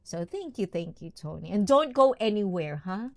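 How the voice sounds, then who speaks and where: A woman's voice: mid-range voice, very animated, normal speed. A bubbly, giggly woman of Filipina-Japanese background chatting casually as a livestream host, greeting viewers one after another. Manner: bubbly, giggly, mixes in Tagalog and Japanese words. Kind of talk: casual livestream chat reading the chat.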